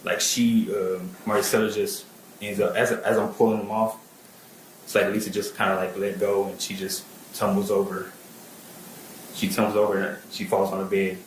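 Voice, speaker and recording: A low, flat-voiced man gives halting testimony, stumbling and repeating himself. His voice rings in a roomy courtroom with faint ambience behind it. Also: a little hiss or hum. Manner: halting, repeats words, many fillers like "like" and "um". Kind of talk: plain spoken testimony.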